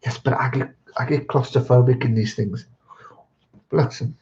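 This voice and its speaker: A chatty man hosting a live stream from home, rambling loosely and greeting viewers as he reads their messages. His voice sits at an ordinary middle pitch. The stream audio is dull and lo-fi. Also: steady tone, moderate pace, darkish tone. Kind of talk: casual chat reading viewer comments.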